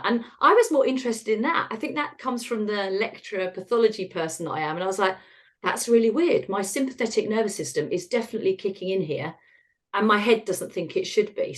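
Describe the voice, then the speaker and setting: A middle-aged British woman, a retired osteopath, telling her own story frankly and wryly in an interview, acting out bits of dialogue. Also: medium pitch. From United Kingdom. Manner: frank, wry, acts out dialogue in quotes.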